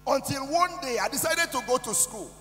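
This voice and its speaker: A middle-aged Nigerian man with a very high voice gives a rousing testimony that builds to shouting. He is heard in a large echoing hall with a long reverb. Soft music plays faintly behind him. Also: expressive, fairly quick. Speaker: speaker at a youth conference. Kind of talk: motivational testimony.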